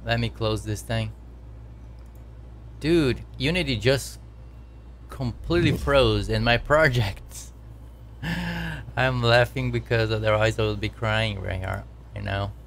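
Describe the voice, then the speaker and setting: A man's voice: on the low side, unhurried, creaky, a bit bright, slight background noise. A man chatting casually while he codes on a live stream, talking to his viewers and laughing at his own troubles. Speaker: game developer streaming his work.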